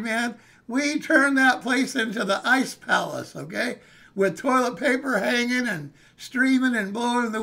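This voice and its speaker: An older man tells a story in a rambling, folksy way, his voice pitched high and bright with a gravelly rasp. He is in his sixties, and he chats straight to his live-stream viewers. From California, USA. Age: 60s. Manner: folksy, rambling, calls listeners "man" and "hey". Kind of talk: casual storytelling.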